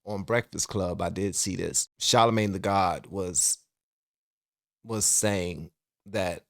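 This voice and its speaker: Gravelly low-voiced man reacting casually. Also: a bit bright, no echo, clean studio sound. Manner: chatty, laughing, addresses viewers as y'all. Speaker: reaction video host.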